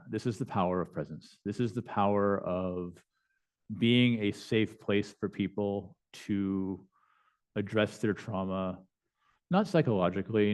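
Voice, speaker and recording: Speaking conversationally and full of fillers and restarts, a bishop who serves as a chaplain shares stories from that work during a lecture in a lecture hall. His voice is lowish and a little mellow.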